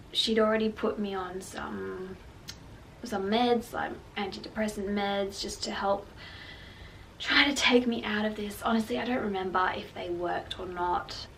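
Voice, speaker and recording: A young woman, telling her personal story in a candid, emotional way and leaning on filler words. Her voice has a gravelly edge. The mic sits a little far off, with faint noise behind her. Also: mid-range voice. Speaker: vlogger. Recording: slightly distant mic with faint background noise.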